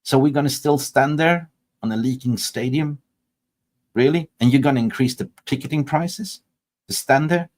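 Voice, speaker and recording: A man's voice: medium pitch, normal speed. A man hosting a football fan channel, reacting with exasperated rhetorical questions. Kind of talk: reaction commentary.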